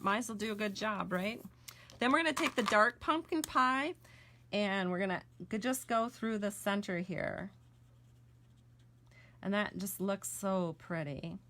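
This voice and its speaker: Against a noisy background, a middle-aged woman with a medium-pitched voice and an American accent chats through a casual crafting tutorial. She shows card-making step by step, staying homey and talkative and correcting herself as she colors.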